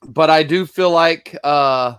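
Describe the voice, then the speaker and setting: A man's voice: a little high, slow, fairly bright tone, clear, resonant tone, no room sound, clean studio sound. A man hosting a live-streamed Bible study from Michigan, chatting casually and greeting viewers by name between rambling asides.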